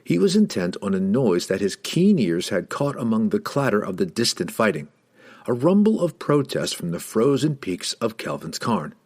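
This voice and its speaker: A man narrating a fantasy novel as an audiobook, telling it with dramatic, expressive storytelling. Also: fairly low pitch, normal speed, husky.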